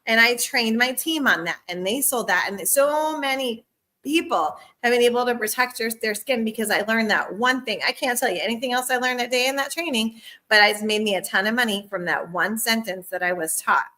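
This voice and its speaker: A woman with a bright, forceful voice, set a little high, runs a live-streamed sales training from home. She talks in an upbeat, chatty way, laughs often, and is fighting a cough. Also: a little fast.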